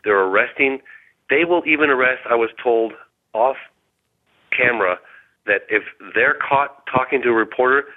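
A man calling in from a hotel room, telling his story in a rambling, halting way full of restarts. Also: mid-range voice. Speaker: phone-in guest investigator. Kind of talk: excited phone-in account. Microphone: telephone. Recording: tinny phone line.

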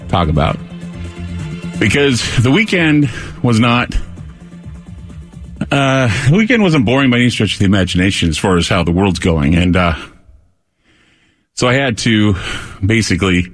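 A man hosting a late-night call-in radio show from a studio, talking in a loose, rambling way with plenty of fillers and restarts. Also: lowish voice. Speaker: radio talk show host. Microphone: studio microphone.

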